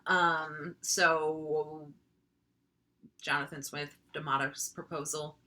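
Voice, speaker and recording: Chatty woman teacher from North Dakota, bright. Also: low voice, level tone, takes it slowly. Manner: chatty, frequent ums and likes, mock voices for examples. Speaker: writing teacher. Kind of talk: casual classroom lecture.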